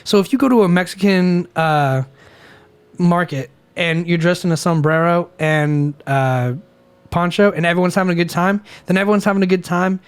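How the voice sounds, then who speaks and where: Brief: young male podcast co-host, higher-pitched, loose rambling delivery, frequent laughter. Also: moderate pace, clean tone. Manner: rambling, laughs often, many restarts. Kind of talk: casual chat over beers.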